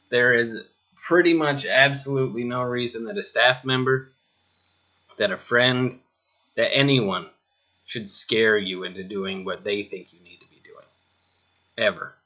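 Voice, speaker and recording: A lowish male voice with a sharp tone, its highs cut off, talks straight to the listener during a spoken lesson over slides. He asks rhetorical questions and slips in mildly sarcastic remarks.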